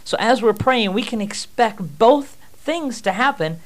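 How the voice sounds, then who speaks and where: A man's voice: very high-pitched, animated, a little slow. A man teaching a ministry team how to pray for people, emphatic and repeating himself. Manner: emphatic, repeats "amen" and "first off".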